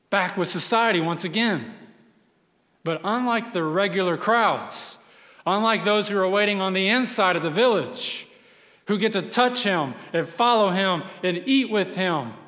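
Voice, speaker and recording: A pastor preaching a sermon, telling the story dramatically and acting out the voices of the people in it. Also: male voice, high voice, a bit bright, big-room sound.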